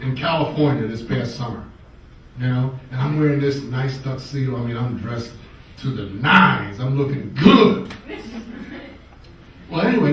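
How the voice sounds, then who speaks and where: A man doing a stand-up comedy set on a club stage, animated and playful, with audience laughter around him. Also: a little high, a little hiss or hum. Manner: animated, playful delivery with quoted voices. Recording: roomy club sound from a distant mic.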